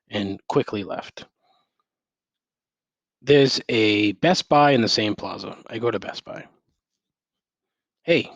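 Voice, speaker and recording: An over-caffeinated man in middle age vents through a solo podcast episode, sarcastic and swearing nonstop. His mid-pitched voice comes through a headset mic, close and dry. He sounds wired and worked up as he complains. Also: a bit bright, no room sound, muffled recording. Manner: ranting, sarcastic, heavy swearing. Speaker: podcast host. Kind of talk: profane solo rant. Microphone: gaming headset.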